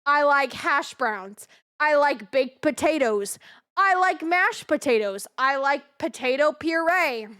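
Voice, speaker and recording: A young woman chats on a live stream, her voice pitched very high. She rambles excitably, repeats herself and swears freely. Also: slow pace. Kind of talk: casual live-stream chat.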